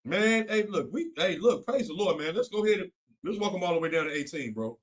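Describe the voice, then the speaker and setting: A young man with a high, light voice delivers Bible study talk with fervor, repeating himself and slipping into casual speech. He speaks as a co-host leading a faith discussion. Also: animated, fairly quick, fairly bright tone. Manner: fervent, repetitive, colloquial.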